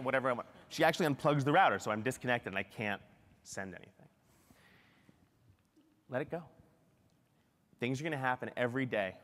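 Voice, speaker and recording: A middle-aged man giving a lively, self-deprecating keynote talk at a conference. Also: lowish voice, in a large hall. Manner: animated, self-deprecating storytelling. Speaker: keynote speaker. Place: large conference hall.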